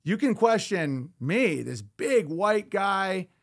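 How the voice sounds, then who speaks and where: A man's voice: high-pitched, very animated, takes it slowly. A man from Upstate New York talking as a comedian guest on a studio podcast, telling loose stories and slipping into mock voices. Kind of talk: casual podcast conversation.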